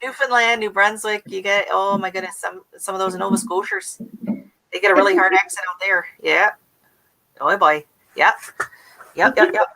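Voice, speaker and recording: Woman, middle-aged, from the US; livestream host; bright tone, chatty, imitates accents. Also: medium pitch, moderate pace, gravelly, low-quality recording. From United States. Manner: chatty, laughs often, mimics accents. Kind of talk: casual livestream chat.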